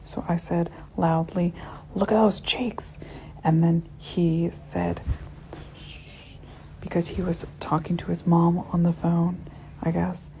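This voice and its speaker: A woman telling a short, awkward story about her boyfriend, deadpan. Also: lowish voice, a little slow, vocal fry, a little hiss or hum, poor audio. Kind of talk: casual storytime.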